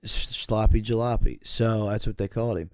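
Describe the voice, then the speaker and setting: A man's voice: on the low side, fairly even intonation, normal speed, a little mellow, dry recording, studio quality. A young man co-hosting a podcast, telling a childhood story in a rambling, casual way and laughing as he goes. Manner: rambling, laughs through his stories. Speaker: podcast co-host.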